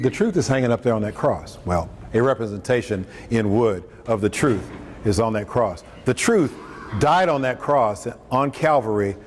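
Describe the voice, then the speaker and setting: Man preacher, mid-pitch, casual joking delivery; recorded in a reverberant hall with faint ambience. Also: darkish tone. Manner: conversational, joking asides, acts out quotes. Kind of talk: lunchtime talk on scripture. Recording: echoey hall, faint room noise, mic at a distance.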